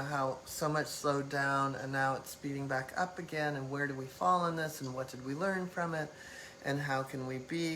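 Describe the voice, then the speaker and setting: A woman's voice: deep voice, fairly bright tone, slight background noise, low-quality recording. A woman hosting a live-stream talk, speaking reflectively in loose phrasing with many fillers. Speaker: host.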